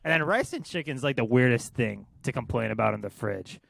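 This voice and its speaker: A man's voice: medium pitch, expressive, fairly quick, gravelly, fairly bright tone. A young man co-hosting a casual podcast, offering crude, opinionated banter. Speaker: podcast co-host. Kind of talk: casual chat.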